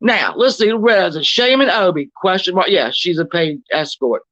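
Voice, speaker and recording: A woman's voice: on the low side, lively intonation, normal speed, a bit bright, no room sound. Woman streamer cussing out her haters, reads chat and snaps back, dry close sound, kinda muffled lo-fi audio. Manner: profane, combative, mocking, reads chat comments aloud and fires back. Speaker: livestream host. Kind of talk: confrontational livestream rant.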